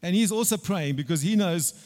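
A man preaching a sermon in a church, telling a personal story with repeated phrases and loud bursts of emphasis. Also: sits high, a little fast. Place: church hall. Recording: long reverb from a large hall.

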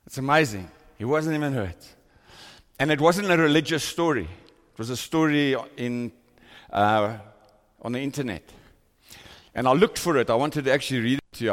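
Fervent preacher in a reverberant hall. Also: male voice, mid-range voice. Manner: fervent preaching, rising to impassioned cries. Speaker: pastor. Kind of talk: sermon. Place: church hall with congregation. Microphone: microphone on a stand.

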